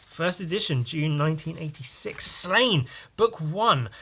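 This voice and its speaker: A man's voice: on the high side, animated, a little slow, fairly bright tone, breathy edge. A man hosting a podcast, chatting casually and swearing freely while he draws. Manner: chatty, swears casually, laughs at own stories. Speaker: podcast host drawing on stream. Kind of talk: casual rambling chat while drawing.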